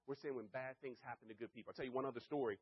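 A middle-aged man giving a live sales presentation, energetic and constantly checking in with his listeners. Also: mid-range voice, very fast, slightly rough, muffled recording. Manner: energetic, keeps checking in with the audience. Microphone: handheld or stand mic.

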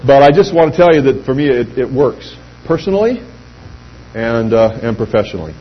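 A middle-aged man giving an anecdotal pitch speech to a live audience, telling lively stories and acting out quoted voices. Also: fairly quick, slightly rough. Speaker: speaker addressing a sales audience. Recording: dull lo-fi recording with faint hum.

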